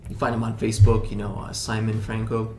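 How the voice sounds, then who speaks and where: A rock band member chats casually in an interview, rambling with many restarts and fillers. His lowish, warm voice comes out brisk and completely flat, in a roomy recording with background music and a slight hiss or hum.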